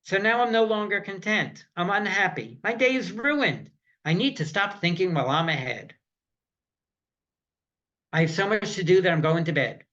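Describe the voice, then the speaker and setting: A man's voice: high voice, expressive, normal speed, bright, forceful tone. A man reading out a sulky cartoon kid. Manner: read aloud from a comic strip. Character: sulky, moody cartoon little boy. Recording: slightly muffled recording.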